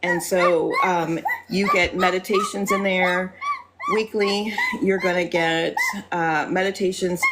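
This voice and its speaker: A woman teaching casually as a spiritual coach on a live stream, chatty with frequent fillers, softly reciting mantras. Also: mid-range voice, heavy background noise.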